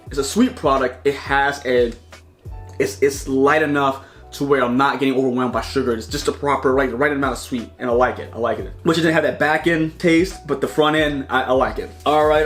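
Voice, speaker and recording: A man hosting a casual taste-test vlog, rambling and chatty, often talking while chewing. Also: fairly high pitch. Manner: rambling, chatty, restarts and repeats words. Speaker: snack reviewer and channel host.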